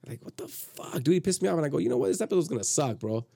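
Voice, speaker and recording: Fast-talking podcast host guy, husky dark voice, swears a lot, swings his pitch all over. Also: dry recording. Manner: profane, animated storyteller acting out quotes. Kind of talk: casual podcast chat.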